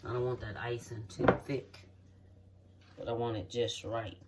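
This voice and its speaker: The recording is very noisy, with the voice distant from the mic. A home cook with a medium pitch, fairly even intonation, and a slightly slow pace demonstrates a recipe in a home kitchen, chatting folksily step by step and often checking in with "okay?"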